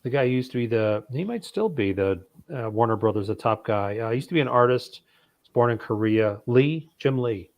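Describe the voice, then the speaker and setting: A man's voice: medium pitch, animated, fairly quick, dry recording. A man in a casual online chat, telling a story in a rambling way with many fillers and restarts. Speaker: guest in a geek chat stream.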